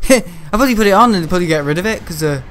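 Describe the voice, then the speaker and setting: A man streaming a game and talking loosely to his viewers. His voice sits a little high for a man, and he rambles and grumbles with frequent laughter. A faint hiss of noise sits under the voice. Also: animated, fast, fairly bright tone. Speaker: gaming live streamer. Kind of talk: casual livestream chat while playing.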